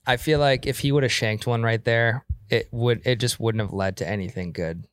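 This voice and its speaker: A man's voice: medium pitch, normal speed, fairly bright tone, smooth, no room sound. A man co-hosting a podcast in casual chat, answering with short reactions and questions. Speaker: podcast co-host.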